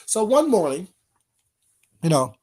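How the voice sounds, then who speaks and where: Hosting a casual livestream, a man addresses his chat directly, getting heated and saying the same things over and over. He speaks slowly in a high-pitched, very animated voice with a slightly mellow tone.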